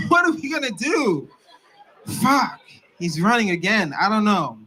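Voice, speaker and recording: A man doing a stand-up comedy bit, talking in an animated, laughing way. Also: unhurried, some chatter behind, low-quality recording. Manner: animated, laughing, swinging up and down in pitch. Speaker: stand-up comedian in a played clip.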